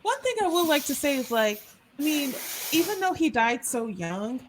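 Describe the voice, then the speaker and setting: A woman guest on a panel show, speaking earnestly and haltingly. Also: high voice, big pitch swings, crowd noise, poor audio. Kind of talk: casual panel chat.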